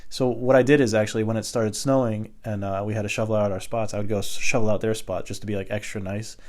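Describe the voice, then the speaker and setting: A man's voice: fairly low pitch, fast. Exasperated man ranting solo. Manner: animated, profane and exasperated. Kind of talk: solo comedic rant.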